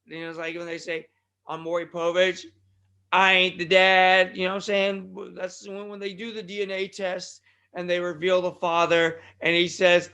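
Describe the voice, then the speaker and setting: A man with a high voice hosts his wrestling podcast. He rambles from one tangent to the next in casual commentary and breaks into loud, fired-up bursts. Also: moderate pace, vocal fry, clear, resonant tone. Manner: excitable, digressive, loud bursts and mock impressions.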